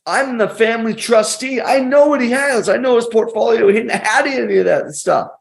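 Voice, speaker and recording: A man's voice: very high voice, normal speed, gravelly. A man who is a podcast guest, telling stories in an emphatic, motivational way with punchy phrasing. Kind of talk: conversational storytelling.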